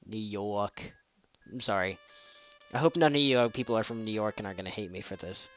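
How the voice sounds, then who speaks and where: Bright rambling let's play guy. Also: on the low side, quick pace, soft background music. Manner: rambling, self-deprecating. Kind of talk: gameplay commentary.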